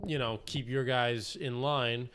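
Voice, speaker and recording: A man's voice: mid-range voice, fairly even intonation, measured pace, a bit bright, slight background noise. A man co-hosting a podcast, chatting casually and chiming in on the recap. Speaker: podcast co-host. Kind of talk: casual chat.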